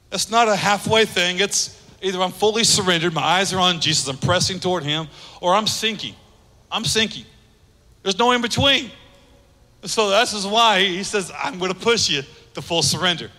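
A man preaching a sermon with passion, building from quiet asides to shouted calls. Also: high-pitched. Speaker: pastor. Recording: long hall reverb.

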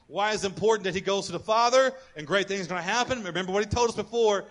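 A man preaching a sermon as pastor. He is animated, repeats words as he builds a point, calls on the congregation to answer, and goes hushed for personal stories. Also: sits high, rapid-fire, hardly any pauses.

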